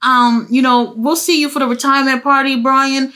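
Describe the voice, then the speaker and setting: A woman reviewing a wrestling show in casual talk. She is blunt, exasperated and swears freely, with jumpy animated asides. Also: high-pitched, normal speed.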